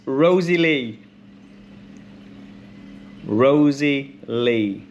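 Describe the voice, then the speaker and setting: A man hosting a pub quiz, chatty and rambling with many ums and restarts, who reads each question and then repeats it slowly. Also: medium pitch. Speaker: quiz host.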